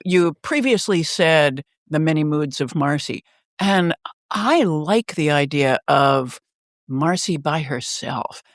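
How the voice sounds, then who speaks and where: A podcast co-host in casual chat, earnest and lively. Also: medium pitch, takes it slowly, dry recording, studio quality.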